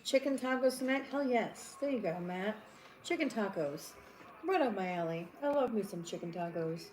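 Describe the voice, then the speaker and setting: A woman's voice: medium pitch, expressive, moderate pace, a little mellow, a little hiss or hum. Brash Long Island woman. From Long Island, New York. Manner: brash, blunt, playful. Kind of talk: casual chat on a livestream.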